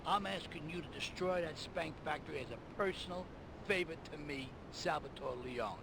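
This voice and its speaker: An actor voicing an older male mafia boss in a video game cutscene, giving gruff, persuasive orders. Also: moderate pace. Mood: scheming. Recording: game audio with rumbling city noise.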